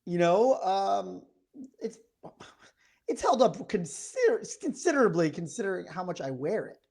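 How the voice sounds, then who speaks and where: A man in his thirties co-hosting a podcast in casual chat, telling a story in a lively way and acting out the lines of the people in it. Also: sits high, normal speed, gravelly, slightly rough. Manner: animated storyteller acting out quoted exchanges. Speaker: podcast co-host.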